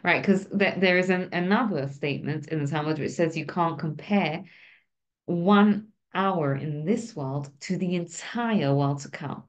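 A woman's voice: sits low, unhurried. Woman teaching, chatty with many "right?"s. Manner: conversational, keeps asking "right?". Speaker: Torah teacher. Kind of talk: informal class talk.

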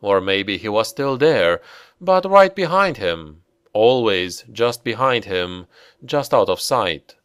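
A man reading a novel aloud as an audiobook narrator, measured and deliberate. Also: lowish voice, big pitch swings, a bit bright, clear, resonant tone, dry recording, clean studio sound. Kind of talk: scripted narration.

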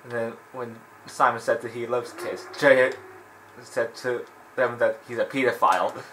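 At normal speed, a man with a mid-range, fairly bright voice and fairly even intonation chats while playing in a let's play. He rambles, digresses, and laughs a lot, and the low-quality recording carries slight background noise.

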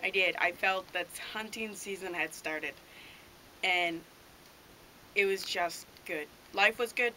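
A woman playing a dim, cheerful male deer hunter in an improvised comedy sketch, telling a rambling story in a deadpan way over a noisy home video recording. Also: fairly low pitch, slow pace.

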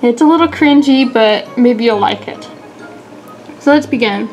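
A woman reading a short story aloud in a slow, sing-song storybook manner. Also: fairly high pitch, soft background music, rough recording.

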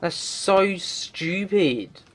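A man's voice: high-pitched, expressive, very slow, a bit bright. A man doing game commentary, talking to himself and swearing in frustration as he plays. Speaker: let's play gamer.

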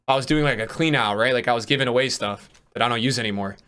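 A young man streams a football video game in a clear, resonant, mid-range voice at a quick pace. Excitable and prone to swearing, this gaming streamer keeps his commentary casual and talks to his chat.

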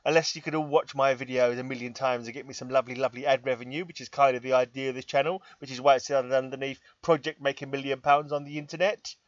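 A man's voice: medium pitch, steady tone, fast talker, few pauses, no room sound, muffled recording. A middle-aged English man with an English accent, rambling in a casual vlog, tired and self-mocking, talking to his laptop in his room. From England. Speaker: vlogger. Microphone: laptop microphone.

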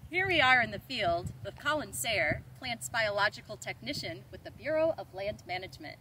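Eager female kids' host, bouncy bright voice, outdoor field interview. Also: medium pitch, expressive, moderate pace, a little hiss or hum. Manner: eager, curious questioning.

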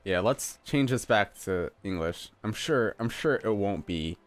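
Lively young man swearing through a playthrough. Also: lowish voice, unhurried, soft background music. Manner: swears often, laughs and exclaims loudly at surprises. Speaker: let's play gamer. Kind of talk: casual gameplay commentary.

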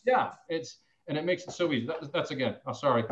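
A man who sells insurance, sharing phone-call tips in a casual, animated way and acting out both sides of a call. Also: fairly high pitch, fast, slight background noise. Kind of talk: casual sales training talk.

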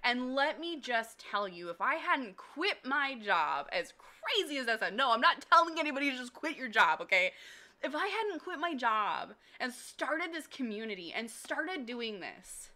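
A woman's voice: high voice, sing-song, normal speed, sharp tone. A woman hosting a devotional livestream, talking while walking, emotional and gushing as she reads chat aloud. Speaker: Christian community host.

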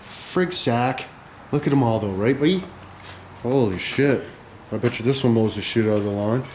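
A young man vlogging outdoors on a handheld camera, rambling and joking loudly with plenty of slang and swearing. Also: medium pitch, moderate pace, a little hiss or hum. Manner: loud, profane, joking banter with lots of slang. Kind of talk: casual rambling vlog chat.

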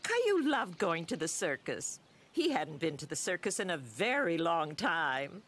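A woman narrating a children's cartoon in a clear storytelling manner. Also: on the low side, sing-song, measured pace, fairly bright tone.

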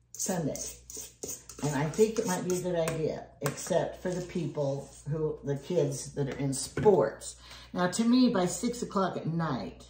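An older woman who vlogs as a home cook chats casually while baking, telling rambling family stories and chuckling often. Her voice sits low with a darkish tone, recorded in an echoey room with faint noise.

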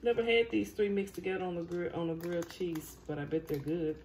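A woman with a Southern US accent hosting a casual cooking vlog, chatty and quick to laugh at herself. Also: fairly low pitch, steady tone, a little mellow, slight background noise. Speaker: cooking show host.

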